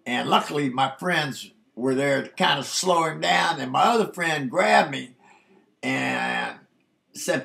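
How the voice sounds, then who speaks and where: A man in his sixties recalls a memory from his youth in a laid-back, casual spoken memoir, often saying "man." His voice is fairly high, gravelly, and fairly bright, and he doesn't hurry.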